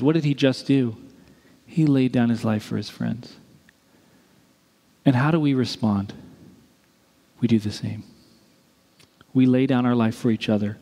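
A male pastor preaching a sermon in a lively way, with joking asides and acted-out quotes. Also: medium pitch, measured pace, long pauses. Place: church sanctuary. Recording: long reverb of a large church hall.

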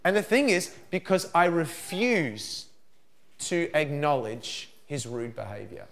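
A middle-aged man giving a lively parenting seminar talk, acting out dialogue as he goes. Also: on the high side, slow, creaky, background noise. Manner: animated, acts out dialogue in put-on voices.

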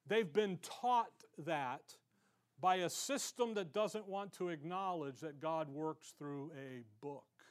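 A male pastor preaching a sermon in a conversational way, acting out the voices of the people he quotes. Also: fairly high pitch.

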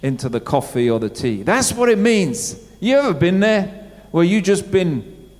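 A man's voice: high voice, very animated, normal speed, a little mellow. A middle-aged man preaching a sermon in church, talking in a conversational way and putting questions to the congregation. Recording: church hall with long reverb.

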